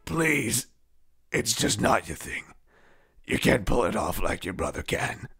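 A gravelly, pompous old father. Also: lowish voice, sing-song, a little slow, fairly bright tone, no echo, clean studio sound, faint music behind, exaggerated voice. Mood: weak, earnest. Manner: pompous, scolding. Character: stern aging father, old-fashioned and gravelly. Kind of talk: animated parody voice acting.

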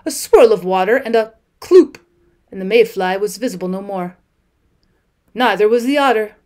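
A woman teacher reading a classic children's novel aloud in steady, clear audiobook narration. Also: mid-range voice, moderate pace.

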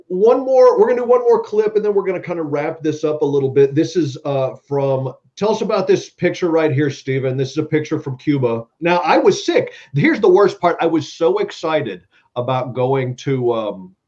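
A man's voice: a little high, darkish tone. A man hosting an online talk show, chatty and upbeat with many fillers. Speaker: host. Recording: dull lo-fi audio.

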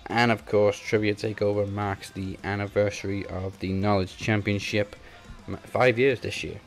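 Low-voiced man hosting a podcast. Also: level tone, moderate pace, faint music behind. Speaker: podcast host. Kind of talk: casual podcast chat and show announcements.

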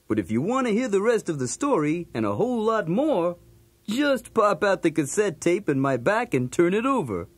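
A man's voice: high-pitched, breathy edge, dry recording, exaggerated voice. A man voicing a cool, wisecracking male cartoon dog, narrating a storybook cassette in a jokey, streetwise manner.

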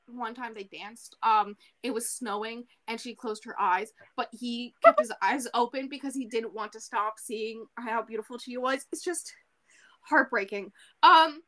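A woman co-hosting a podcast, casually recapping a book in an animated way, full of fillers and the odd swear. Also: a little high, measured pace. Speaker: podcast co-host.

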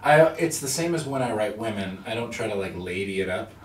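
A man's voice: fairly low pitch, animated, fairly quick. A man, an actor and writer, chatting casually in an interview and telling rambling, jokey stories in which he acts out what people said. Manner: rambling, jokey storyteller who acts out quotes. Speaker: actor and screenwriter guest. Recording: echoey room, distant mic, light noise.

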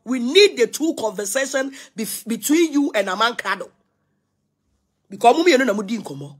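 A middle-aged Ghanaian woman goes live on social media to rant, repeating herself, scolding defiantly and blending languages. Her voice is on the high side and a bit bright.

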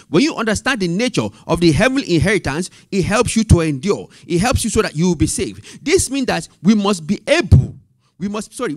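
A man teaching a Bible study, reading scripture slowly and repeating references and key phrases, asking the group for amen. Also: high-pitched, no echo, clean studio sound.

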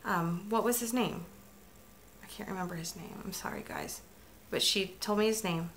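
A woman's voice: mid-range voice, moderate pace, fairly bright tone, a little hiss or hum. A middle-aged woman telling a story as a crafting vlogger, chatty and emotional, with many restarts and asides. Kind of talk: casual vlog chat.

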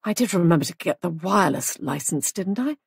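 A woman voicing a young husband who talks in a gloomy, matter-of-fact way, dropping her voice lower. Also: lively intonation, brisk, vocal fry, breathy edge, no room sound, clean studio sound, exaggerated voice.

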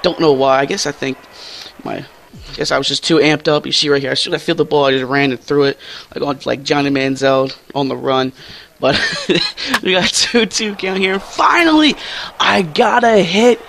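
Excitable young man with a gravelly voice. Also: normal speed, slight background noise. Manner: excitable, slangy, jumps to high squeals when thrilled. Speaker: gaming YouTuber. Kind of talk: casual gameplay commentary.

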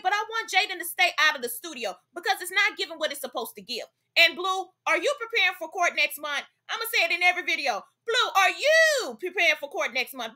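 Host: high, bright-voiced young woman, sassy gossip commentary, punchy "okay?" asides. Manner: sassy, emphatic, constant "okay?" tags. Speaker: celebrity gossip vlogger.

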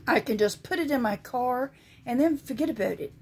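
A Southern woman talks to her viewers in an easy, homespun way, showing items and stopping to read Bible verses aloud. Her voice has a gravelly edge and a husky, slightly rough tone. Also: fairly high pitch, animated, a little fast. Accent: Southern American. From American South. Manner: chatty and homespun, reading scripture aloud. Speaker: vlogger. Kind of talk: casual show-and-tell vlog.

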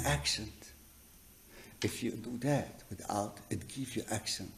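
A man teaching a double bass masterclass, telling anecdotes in halting speech, often restarting sentences as he searches for words, then turning emphatic. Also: slight background noise. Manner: animated, emphatic storytelling. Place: music college teaching room.

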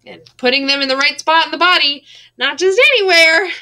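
A woman teacher giving a recorded lesson, patient and drawing out words slowly to count out their beats. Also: high-pitched, sharp tone.

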